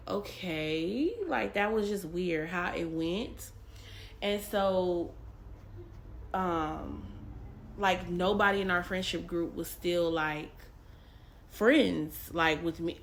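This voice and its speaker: A woman from Texas shares a personal faith testimony with her viewers in a loose, rambling vlog style. Her voice sits somewhat low with a gravelly fry, and she speaks unhurriedly, piling up fillers and repeating herself as she goes. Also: slight background noise. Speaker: vlogger.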